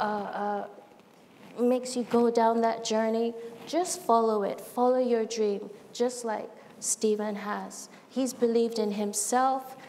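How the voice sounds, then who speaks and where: Speaking at a live event, a woman gives a heartfelt talk from a large stage, animatedly telling stories with quoted dialogue. Her voice is fairly high-pitched with a dark tone, caught in long hall reverb over faint noise.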